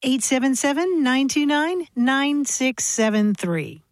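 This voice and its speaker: A woman co-hosting a radio call-in show, brisk and friendly. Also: high voice, expressive.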